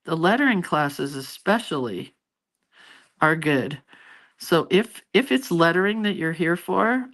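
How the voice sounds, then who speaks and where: A woman's voice: on the low side, lively intonation, unhurried, a bit bright. Middle-aged lady chatting on her live stream, reading viewer comments, rambly and friendly. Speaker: art teacher hosting a live stream.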